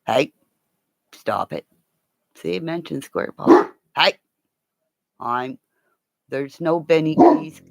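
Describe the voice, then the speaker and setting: Gravelly, animated woman rambling. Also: sits low, slow pace, pauses often. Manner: profane, rambling, talks to her pets. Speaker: vlogger. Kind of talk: rambling casual chat.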